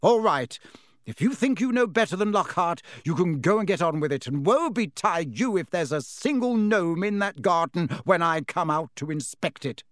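A man's voice: high-pitched, big pitch swings, normal speed, hardly any pauses, no echo, studio quality, voice pushed up. A man voicing a bustling middle-aged mother in a storybook reading, gushing and scolding by turns.

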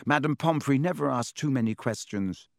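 A man voicing a schoolboy who speaks quickly and reassuringly, in a storybook reading. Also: mid-range voice, animated, creaky, no echo, clean studio sound.

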